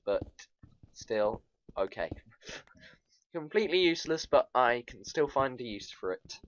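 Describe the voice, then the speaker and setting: A man talks his way through a game in a loose, rambling commentary, laughing at himself and addressing his viewers. His voice leaps up and down with lively swings of pitch. The recording sounds dull and lo-fi, like a cheap home microphone. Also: no echo. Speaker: gaming video host.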